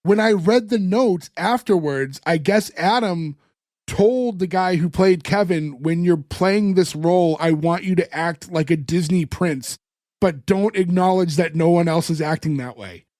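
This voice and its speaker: A man's voice: high-pitched, a little slow, dry recording, clean studio sound. A man co-hosting a podcast, retelling a show's scenes with lots of "like" and acting out the characters' lines. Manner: animated retelling, acts out characters' lines, fillers like "like". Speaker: podcast co-host recapping an episode. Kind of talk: casual chat.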